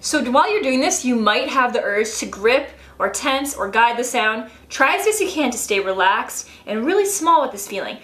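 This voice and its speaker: A woman's voice: a little high, lively intonation, normal speed, few pauses, bright, forceful tone. A woman vocal coach giving a singing lesson in an upbeat, chatty way, breaking into sung sounds as she explains. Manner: upbeat, chatty, demonstrates sounds mid-sentence. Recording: roomy echo.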